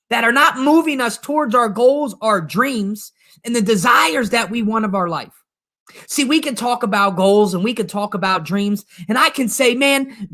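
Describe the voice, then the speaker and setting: A man's voice: extremely high pitch, bright, forceful tone. A man giving an earnest, emphatic motivational talk to viewers of a live stream. He leans on repetition and speaks directly to his audience. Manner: earnest and emphatic, repeats phrases. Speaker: motivational coach.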